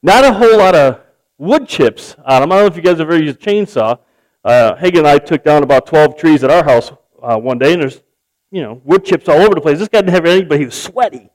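A man's voice: a little high, animated, quick pace, a little mellow, low-quality recording. A man preaching a sermon, telling a joke story and acting out its characters with animation. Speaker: pastor.

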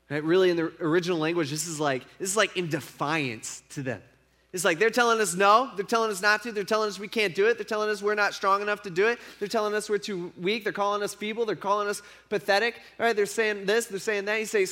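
A man's voice: sits high, fast, sharp tone. A male pastor preaching to men in a conversational, emphatic way, with frequent repetition and asides. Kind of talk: sermon.

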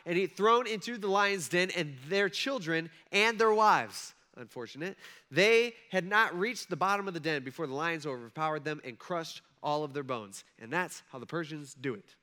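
A man's voice: a little high, sharp tone. A man preaching a sermon in a conversational way, with frequent asides to his listeners. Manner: conversational, frequent asides and check-ins with the audience. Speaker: pastor.

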